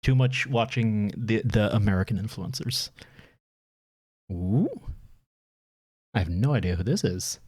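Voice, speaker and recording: A man's voice: on the low side, measured pace, long pauses, a little mellow, husky, no echo, studio quality. A young man with an Irish accent chatting casually on a stream, rambling and laughing at himself. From Ireland. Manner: rambling, self-deprecating, laughs often. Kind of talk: casual chat reviewing community submissions.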